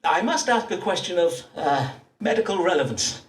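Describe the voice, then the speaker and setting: An actor playing a self-important Elizabethan astrologer-doctor in a game, speaking in grand, archaic phrases. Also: male voice, sits high, expressive, moderate pace, echoey room, far from the mic, noisy background. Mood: grandiloquent. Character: pompous Elizabethan astrologer-doctor, adult man.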